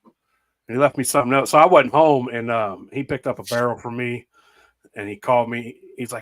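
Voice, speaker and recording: A man's voice: medium pitch, steady tone, normal speed, long pauses. A man hosting a podcast, chatting casually and telling rambling stories with frequent laughs. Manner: laid-back, rambling storyteller, laughs often. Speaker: podcast host. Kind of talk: casual chat.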